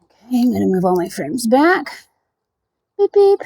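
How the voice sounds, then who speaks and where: Her voice is gravelly, husky and darkish at a medium pitch, expressive and at normal speed, as she casually narrates a hive inspection by an outdoor beehive. She mutters asides and talks to her bees, with no room sound in the recording.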